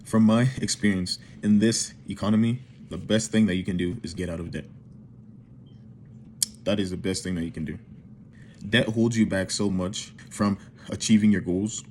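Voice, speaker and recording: A man's voice: low voice, fairly even intonation, moderate pace, darkish tone, a little hiss or hum. A man hosting a channel, giving earnest advice and repeating his points. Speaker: channel host.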